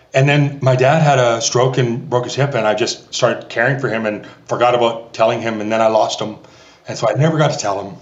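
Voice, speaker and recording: A man's voice: medium pitch, muffled recording. Roomy-sounding Canadian man telling a story. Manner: animated storyteller acting out quoted voices. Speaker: guest, theatre festival artistic director. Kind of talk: storytelling in a podcast interview.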